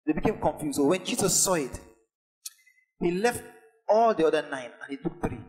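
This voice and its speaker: A pastor preaching a sermon, building to emphatic, repeated lines. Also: male voice, a little high, lively intonation, moderate pace, a little mellow, poor audio. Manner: preaches with rising intensity and emphatic repetition.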